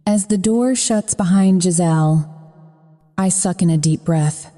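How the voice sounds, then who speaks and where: A woman's voice: lowish voice, unhurried, dark tone. A woman narrating a first-person romance audiobook in a frank, profane manner. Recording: long reverb.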